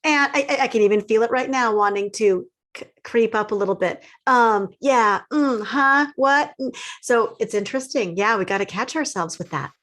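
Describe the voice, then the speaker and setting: Eager high-voiced woman co-host. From California. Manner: eager, talks fast when excited. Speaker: podcast co-host. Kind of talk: casual podcast conversation.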